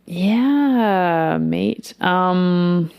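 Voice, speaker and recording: A woman's voice: on the low side, expressive, very slow, darkish tone, clear, resonant tone. A woman voicing a defiant, restless woman criminal in a tabletop game, talking bluntly.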